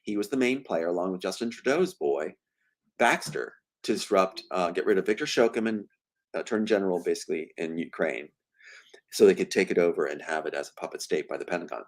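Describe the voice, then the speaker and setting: A man's voice: low voice, brisk. A man speaking as an interview guest, telling stories emphatically. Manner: animated, emphatic storytelling. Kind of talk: conversational interview.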